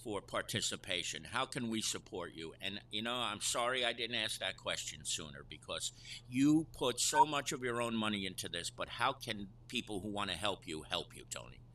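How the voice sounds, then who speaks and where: A man's voice: on the low side, lively intonation, normal speed, bright, forceful tone, poor audio. A man hosting a casual live interview, reading viewer questions in a chatty, friendly way with teasing asides. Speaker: show host.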